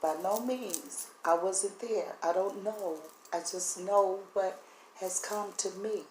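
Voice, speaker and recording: A woman speaks haltingly to her camera, her voice breaking as she holds back tears. The room around her is echoey, and a faint hum of background noise sits under her words. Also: medium pitch. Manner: earnest, halting, voice catching with emotion. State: voice breaking, teary. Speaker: vlogger sharing spiritual impressions. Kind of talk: emotional direct-to-camera talk.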